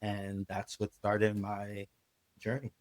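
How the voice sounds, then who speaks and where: A man's voice: fairly low pitch, completely flat delivery, takes it slowly, no echo. A reverend, a man whose first language is Spanish, telling his own story in an interview, earnest and emotional, acting out his past words. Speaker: guest, reverend.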